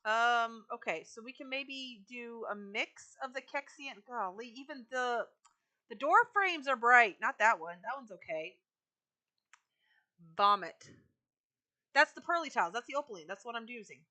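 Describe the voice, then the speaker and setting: A woman's voice: on the high side, animated, moderate pace, bright, forceful tone. A woman live streaming a video game, chatting casually with her viewers while she decorates.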